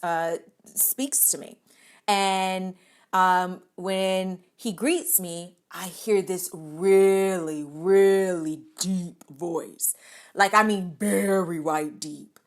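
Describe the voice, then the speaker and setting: A woman telling a comic personal story on a podcast, animated and expressive, laughing often and stumbling over words when worked up. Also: mid-range voice, extremely slow.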